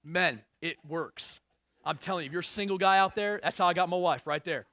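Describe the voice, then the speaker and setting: A man preaching a sermon with a fairly high voice. He reads scripture with swelling emphasis and slips in jokes for the congregation. The sound is dry and close. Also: fairly quick, dry recording. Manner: animated and joking, reads scripture with rising emphasis. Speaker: pastor.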